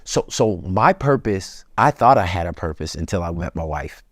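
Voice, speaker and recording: A man, a pastor as guest, giving relationship advice in a colloquial, emphatic preacher-like way that builds to excited peaks. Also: sits low, normal speed, no room sound, clean studio sound.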